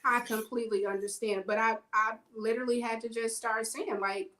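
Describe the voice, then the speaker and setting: A woman tells personal stories in a loose, chatty way. She acts out the back-and-forth of her stories with lively energy, her voice sitting a bit high. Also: a little fast, low-quality recording. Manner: animated, acts out quoted dialogue. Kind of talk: casual storytelling chat.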